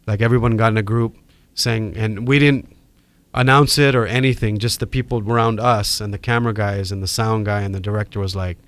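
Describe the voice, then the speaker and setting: A middle-aged man, a podcast guest telling a story in casual, animated chat and acting out the people in it. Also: lowish voice, fairly quick, dry recording. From Hawaii. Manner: animated, acts out quoted voices.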